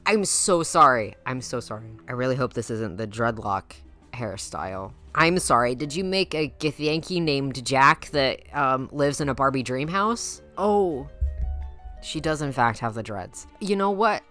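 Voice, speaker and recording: A woman with a low voice runs a teasing, mock-dramatic commentary, laughing often as she passes judgment. She speaks into a home mic with faint music underneath. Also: animated, a little slow, a bit bright. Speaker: YouTuber judging viewers' game characters. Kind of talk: playful commentary.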